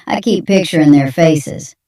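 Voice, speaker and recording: A young Southern woman speaks with a Southern accent, drawling, plain-spoken and defiant as she leaves a voicemail, voiced by an AI. Her voice sits low and moves slowly. It sounds distant, as if heard across a roomy space. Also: mellow. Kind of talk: AI voice reading a monologue.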